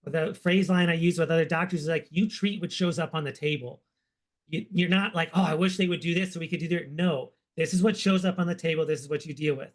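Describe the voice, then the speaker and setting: A man with a slightly high voice explains his approach as a podcast guest. He talks plainly and with emphasis. He drives his points home by repeating them. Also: a little fast. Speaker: guest practitioner. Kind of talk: conversational explaining.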